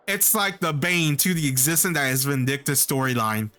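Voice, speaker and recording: A man playing through a story game, reading it aloud and reacting in excitable outbursts full of swearing. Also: on the high side, a little fast, few pauses. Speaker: let's player.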